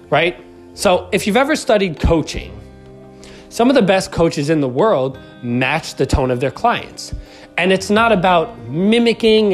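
Animated male self-help coach. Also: high voice. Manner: animated, acts out quoted voices, says "right?" often. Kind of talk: motivational self-help talk.

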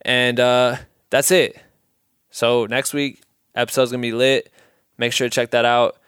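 A young man from Iowa hosts his own podcast, spinning a loose, rambling story full of swearing. His voice is smooth and clean, recorded dry and close with no room around it. His pitch sits in an ordinary male middle range. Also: unhurried, no room sound. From Iowa, USA. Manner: profane, rambling, loose and animated. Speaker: podcast host. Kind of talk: casual storytelling monologue.

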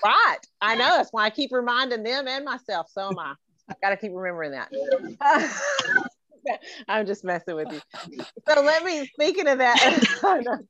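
A woman's voice: fairly high pitch, big pitch swings, moderate pace, long pauses, dull audio, a crowd in the background. A middle-aged woman hosting a podcast in casual chat, playful and teasing, laughing often. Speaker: podcast host.

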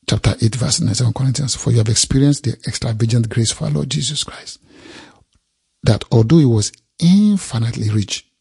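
Gravelly, husky-voiced male preacher. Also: mid-range voice, a little mellow. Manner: emphatic, repeats phrases for effect; reads scripture aloud and expounds it. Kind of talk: sermon.

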